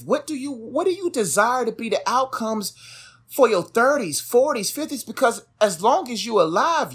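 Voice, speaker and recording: A man's voice: high-pitched, a bit bright, breathy edge. Emphatic preachy young man. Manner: emphatic, preachy, repeats phrases for stress. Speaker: podcast co-host. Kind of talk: casual motivational talk.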